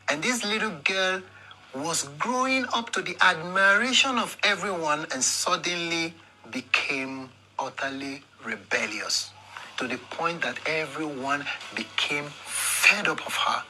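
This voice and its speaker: A woman narrates a documentary in a slow, measured storytelling voice. Her tone is very bright and sits a little low. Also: rough recording.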